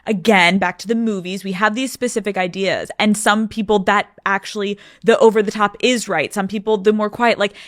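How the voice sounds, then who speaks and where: A woman's voice: medium pitch, steady tone, fairly quick, hardly any pauses, fairly bright tone, no room sound, clean studio sound. A woman hosting a podcast, reacting with short exclamations and offering reflective comments in casual chat. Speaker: podcast host.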